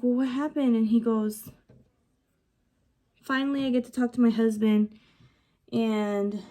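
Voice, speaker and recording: A young woman vlogger telling a story casually, animated and full of "like" and quoted dialogue. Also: a little high. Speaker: beauty vlogger. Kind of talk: casual storytelling while doing lash extensions.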